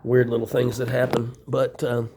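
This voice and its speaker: A man's voice: medium pitch, completely flat delivery, moderate pace, background noise. A middle-aged man in a rambling, profane monologue, venting bitterly from a small room in a shelter. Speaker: vlogger.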